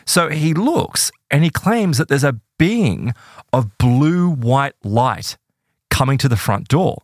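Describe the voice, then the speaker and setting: A man telling an eerie true story in a casual podcast chat, animated and full of "right?" and "like". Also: mid-range voice, slow pace, dry recording, clean studio sound.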